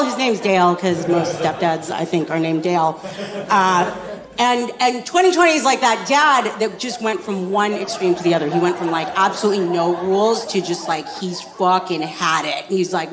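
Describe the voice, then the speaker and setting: A woman's voice: on the low side, fairly quick, background noise. A woman doing a stand-up comedy set, brash and profane in a chatty way. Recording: live audience laughter.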